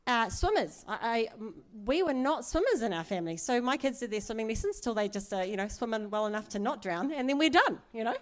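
A woman's voice: fairly high pitch, lively intonation, brisk, hardly any pauses. A middle-aged woman preaching in a chatty, earnest way, with asides and laughs. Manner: conversational, earnest, laughs often, many asides. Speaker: church speaker. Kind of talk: sermon.

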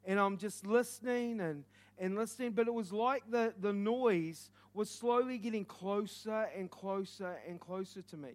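A man, an evangelist, telling an earnest and intense testimony as a sermon, building from quiet reflection to loud urgency. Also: sits high, normal speed. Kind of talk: preaching testimony.

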